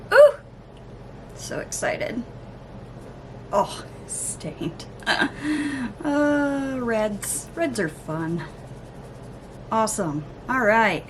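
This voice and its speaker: A woman vlogger chatting casually through an unboxing, gushing, gasping and cooing with excitement. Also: sits high, slight background noise. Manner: gushing, excitable, lots of gasps and oohs. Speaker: beauty vlogger.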